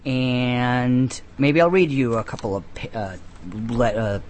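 A man hosting a comic call-in radio show, rambling in a deadpan, absurd way with many halting restarts. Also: mid-range voice, slight background noise.

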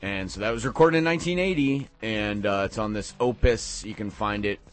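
Male radio DJ, lower voice, rambling and excitable studio chat, soft music underneath. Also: a little fast. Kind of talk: casual on-air chat between songs.

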